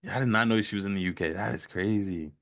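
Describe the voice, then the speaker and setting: A man's voice: on the low side, quick pace, fairly bright tone, dry recording, studio quality. A man hosting a casual live stream chat while painting, laid-back, laughing often and repeating himself. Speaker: livestream host.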